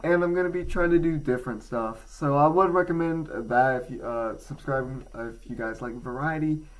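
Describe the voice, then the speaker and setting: Recorded roughly, this clip features a medium-pitched male voice at normal speed. The speaker is a teenage gaming channel creator rambling casually through a headphone review vlog with many fillers and self-mocking jokes.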